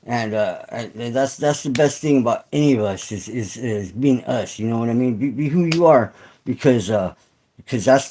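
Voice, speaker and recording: A man's voice: mid-range voice, warm tone, a little hiss or hum, poor audio. A middle-aged man hosting a casual livestream chat with viewers, rambling and swearing, full of fillers and restarts. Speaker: channel host.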